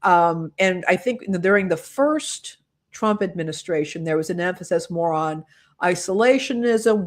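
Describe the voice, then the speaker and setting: A woman's voice: fairly low pitch, lively intonation, moderate pace. A woman from the United States co-hosting a podcast, giving earnest, impassioned political commentary and thinking aloud with frequent restarts. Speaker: podcast co-host.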